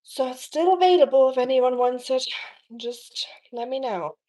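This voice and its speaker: In a high voice with a dark tone and a moderate pace, a young German woman hosts a casual cooking stream. She chats with viewers, reads their messages out loud, and says "um" frequently.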